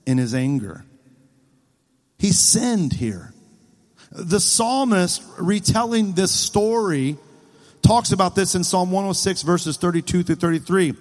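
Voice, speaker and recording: A male preacher delivers a sermon with playful, animated storytelling and asks his listeners questions. His voice sits high for a man. A long reverb rings around him in the hall.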